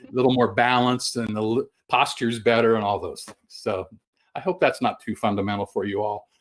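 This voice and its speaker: A middle-aged man presenting a webinar over a video call, folksy and halting, with many fillers and restarts. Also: on the low side, fairly even intonation. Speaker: guest sales trainer.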